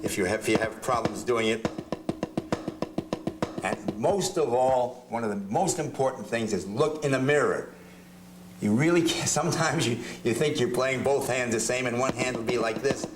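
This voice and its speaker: A man's voice: medium pitch, over loud music. Older man teaching drum strokes. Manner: chatty, halting, restarts while demonstrating. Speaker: drum instructor. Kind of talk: demonstrating drum technique. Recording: drums heard in the room. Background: drum strokes between phrases.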